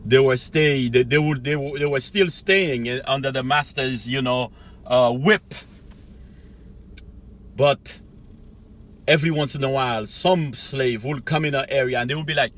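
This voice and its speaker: A man's voice: medium pitch, a little slow, pauses often, a bit bright. A middle-aged man giving a rambling motivational monologue as a life coach, preachy, laughing to himself now and then. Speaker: life coach, channel host.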